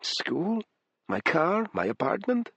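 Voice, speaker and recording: A man's voice: high voice, huge pitch swings, slow, a bit bright, no room sound, pitched above the performer's own voice, exaggerated voice. A man voicing a fond, teasing woman in her thirties with a light Eastern European accent and blunt phrasing, in an audiobook. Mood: tense. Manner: blunt, teasing, drops small words. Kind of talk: audiobook character voice.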